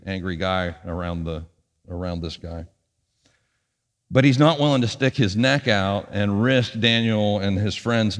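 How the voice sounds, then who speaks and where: A man preaching a sermon as pastor, with punchy emphasis that drops to quiet asides. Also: on the low side, in a large hall. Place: church sanctuary.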